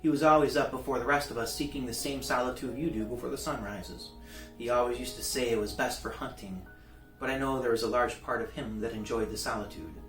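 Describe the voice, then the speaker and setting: A man reading aloud, voicing an affectionate mother who speaks gently but firmly. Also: mid-range voice, brisk, reverberant, far from the mic, soft background music, natural voice, poor audio. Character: calm, affectionate, serious mother.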